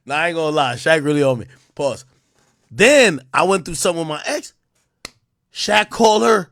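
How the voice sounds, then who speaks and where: Male streamer telling a story, bright, high and jumpy delivery, swearing freely; dry close mic. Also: moderate pace, no room sound. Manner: excitable, profane, swings between loud outbursts and mumbled asides. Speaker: live streamer. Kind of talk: animated storytelling on a live stream.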